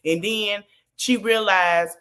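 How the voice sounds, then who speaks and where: A woman's voice: mid-range voice, fairly even intonation, takes it slowly, a bit bright, clean tone. A woman podcast host, giving blunt commentary on a clip and talking straight to her viewers. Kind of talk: reaction commentary.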